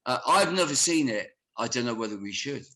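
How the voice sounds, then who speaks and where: A man telling wild anecdotes in a casual conversation, animated and swearing freely. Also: mid-range voice, fairly quick, reverberant. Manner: animated storyteller who swears often. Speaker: musician guest.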